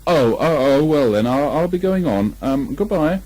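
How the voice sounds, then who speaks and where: A man's voice: a little high, animated, moderate pace, lightly acted. A man voicing a greedy, simple-minded male teddy bear in a storybook reading, bumbling and hesitant, on a muffled old tape. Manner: bumbling, hesitant, loud exclamations.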